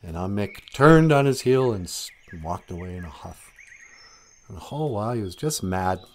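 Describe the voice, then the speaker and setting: A man telling a folk tale outdoors in a relaxed, conversational way. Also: lowish voice, moderate pace. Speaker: storyteller. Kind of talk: casual oral storytelling.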